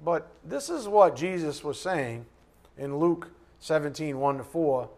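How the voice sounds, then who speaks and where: Male Bible teacher, slightly high-pitched, conversational and joking with emphatic bursts. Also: lively intonation, a little slow, darkish tone. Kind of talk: sermon.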